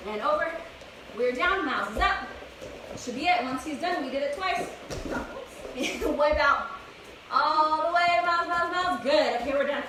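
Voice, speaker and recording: A woman's voice: high-pitched, normal speed. A young woman leading a live kids' workout class, encouraging and a little out of breath. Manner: upbeat coaching, encouraging. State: slightly out of breath. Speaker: fitness instructor. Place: outdoors, open space. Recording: echoey, distant with background noise.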